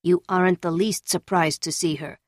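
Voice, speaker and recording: A woman's voice: lowish voice, fairly even intonation, moderate pace, dry recording, clean studio sound, close to an everyday voice. A woman voicing a suspicious, angry man who confronts his lover in blunt, accusing lines.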